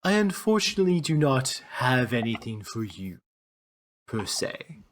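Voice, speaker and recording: A man's voice: mid-range voice, sing-song, unhurried, voice pushed up. A man voicing an eccentric, absent-minded male trader who talks in a fussy, flowery way.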